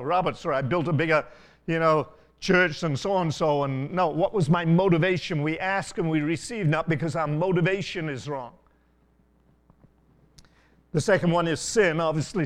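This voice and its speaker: An older man preaching a sermon, telling stories in an unhurried way with frequent asides. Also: a little high. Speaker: pastor.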